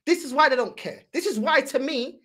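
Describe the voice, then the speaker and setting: A man's voice: very high-pitched, a little fast, fairly bright tone. A man with a London accent hosting a football fan channel, angrily ranting and repeatedly calling people "bro". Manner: angry, ranting, repetitive "bro". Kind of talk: heated fan reaction rant.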